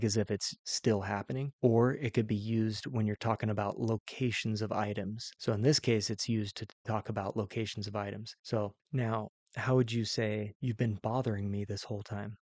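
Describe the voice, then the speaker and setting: A man's voice: on the low side, a little mellow, no echo. A man teaching a language lesson, patiently posing prompts and repeating each example sentence twice. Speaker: Mandarin teacher.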